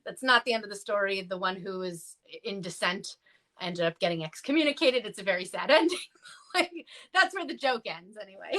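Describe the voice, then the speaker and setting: At a moderate pace and with lively intonation, a woman serving as a clergy guest on a livestream talks casually, her slightly bright voice carrying chatty, filler-filled stories. She acts out the quoted voices with jumps in pitch.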